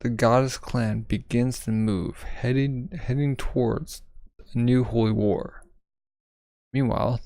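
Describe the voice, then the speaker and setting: A man's voice: mid-range voice, darkish tone, no room sound. A man reading a manga aloud casually, stumbling over words and adding side comments with fillers. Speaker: manga reader. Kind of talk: casual manga read-along narration.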